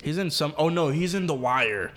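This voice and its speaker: A man's voice: fairly high pitch, expressive, fairly bright tone, slight background noise. A man in his twenties co-hosting a podcast, chatting casually, swearing often and joking around. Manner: swears a lot, fast and joking. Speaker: podcast co-host. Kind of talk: casual chat.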